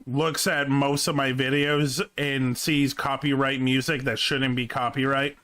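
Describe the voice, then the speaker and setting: A man's voice: mid-range voice, level tone, unhurried, fairly bright tone. A man hosting a casual reaction video, enthusiastic and casually profane.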